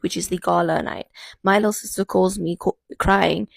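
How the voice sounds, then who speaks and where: A woman's voice: fairly low pitch, steady tone, normal speed, creaky, no echo. A young woman tells a personal story to camera, in a dry, sardonic way. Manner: dry, sardonic, repeats a catchphrase between beats. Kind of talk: storytime vlog.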